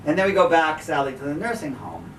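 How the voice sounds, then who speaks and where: A middle-aged photographer giving an informal slide talk to a gallery audience, an animated storyteller who laughs often and acts out the voices he quotes. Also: a little high, fairly quick, recorded from a distance, slight background noise. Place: small art gallery with an audience. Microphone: room recording from a distance. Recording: echoey gallery room, voice from off-mic.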